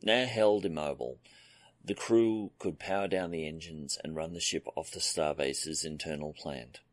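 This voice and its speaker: Male audiobook narrator; low, gravelly, expressive pitch, dry close mic. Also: moderate pace, no room sound. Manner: steady storytelling read. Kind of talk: scripted narration.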